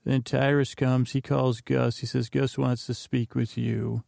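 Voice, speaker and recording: A man's voice: mid-range voice, little pitch movement, a little slow, creaky, a little mellow, no echo, clean studio sound. A man hosting a podcast, casually retelling a TV episode in a rambling, jokey way with loose quoted voices. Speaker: podcast host. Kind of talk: casual comedic episode recap.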